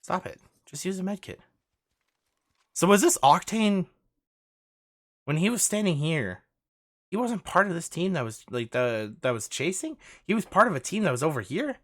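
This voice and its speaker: A man's voice: fairly high pitch, big pitch swings, moderate pace, no echo, clean studio sound. A man coaching over gameplay footage, urgent and insistent, repeating his instructions and pleading with the player. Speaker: gaming coach.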